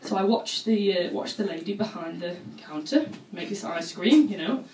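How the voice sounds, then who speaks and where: A woman performing a stand-up comedy routine, telling stories in a chatty, animated way and acting out other people's voices. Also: medium pitch, moderate pace. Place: comedy club stage with audience laughter. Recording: roomy venue audio from a distance with faint noise.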